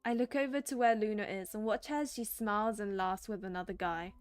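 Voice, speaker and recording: A young woman streaming herself, reading a romance visual novel aloud and chatting excitedly between lines. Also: mid-range voice, a little fast, smooth, no echo, clean studio sound, soft background music. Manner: excitable, laughing asides.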